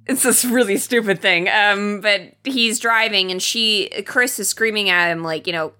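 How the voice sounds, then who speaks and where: A woman's voice: mid-range voice, moderate pace, sharp tone. A woman co-hosting a podcast, chatting casually about a film with blunt, sarcastic and profane remarks. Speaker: podcast co-host.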